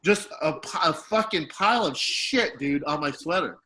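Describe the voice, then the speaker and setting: A man in his thirties with a bright, forceful voice that sits a little high for a man. He tells embarrassing stories in a loose, profane way, laughing through them as a podcast co-host. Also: animated, moderate pace, a little hiss or hum, rough recording. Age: 30s. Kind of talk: casual storytelling chat.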